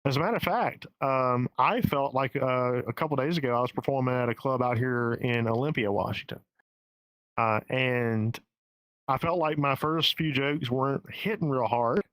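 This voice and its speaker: A man's voice: medium pitch, moderate pace, a bit bright, no room sound, low-quality recording. A man with a Southern US accent talking as a stand-up comedian guest in a casual podcast interview, candid and profane, often restarting his sentences. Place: home in the Pacific Northwest.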